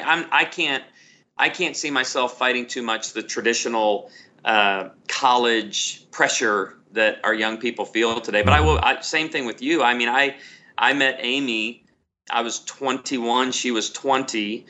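A middle-aged man, a pastor, telling stories in a lively interview and often repeating words as he starts a sentence. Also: mid-range voice, normal speed. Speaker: pastor and author guest. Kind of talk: conversational interview storytelling.

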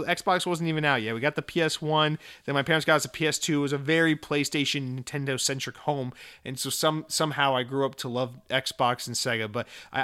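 A man's voice: medium pitch, a bit bright, smooth. A man hosting a podcast, reading listener mail and answering with profane, jokey rants of mock outrage. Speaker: podcast host.

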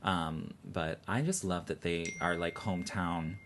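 An American man co-hosting a podcast, talking in a gushing, animated way about a star he admires. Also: sits low, unhurried, slight background noise. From Chicago area. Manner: gushing, animated fan talk. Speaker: podcast co-host. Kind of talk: casual chat.

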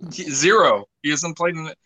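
A man's voice: fairly high pitch, animated, slow, bright, forceful tone, dry recording, rough recording. A man as backup co-host on a casual podcast, throwing in teasing quips and laughing often.

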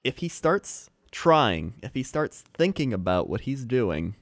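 Deadpan joking podcast co-host. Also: male voice, medium pitch, unhurried, no room sound, studio quality. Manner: deadpan joking, mock explanations. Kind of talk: casual comedic chat.

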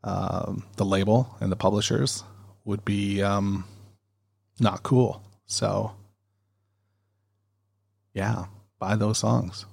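A man's voice: fairly low pitch, fairly even intonation, slow, gravelly, long pauses, darkish tone, breathy edge. A man hosting a podcast, rambling and chatty in a casual monologue, recorded on a studio dynamic mic. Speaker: podcast host.

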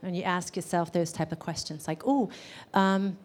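Woman therapist teaching a live class, lowish voice, chatty, asks the room questions. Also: level tone, a little fast. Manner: conversational, questions to the audience, many "um"s and "right?".

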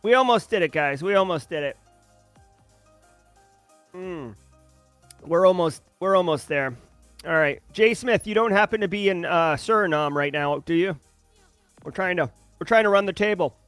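A man's voice: high-pitched, normal speed, long pauses, a bit bright, smooth, dry recording, soft background music. A man hosting a daily livestream in casual, upbeat chat, greeting viewers by name. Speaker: livestream host.

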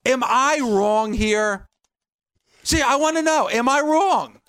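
A man hosting a radio show, loud and emotional, ranting at his co-hosts on air. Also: extremely high pitch, slow, clean tone, no room sound. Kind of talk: heated on-air argument. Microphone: studio microphone.

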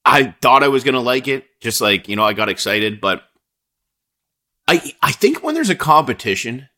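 A man's voice: mid-range voice, sing-song, normal speed, sharp tone. A Canadian man co-hosting a podcast, talking bluntly and emphatically with a lot of swearing. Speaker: podcast co-host. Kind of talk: casual podcast chat.

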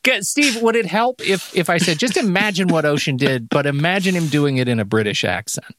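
A man's voice: fairly high pitch, lively intonation, fairly quick, background noise. A man hosting a movie podcast and running a guessing game, in a playful, teasing casual chat.

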